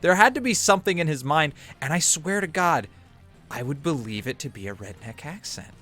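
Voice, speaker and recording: A man's voice: a little high, lively intonation, fairly quick, sharp tone, soft background music. A man chatting casually over a video game, laughing often, rambling and swearing freely. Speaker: co-host of a gameplay video. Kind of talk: casual gameplay chat.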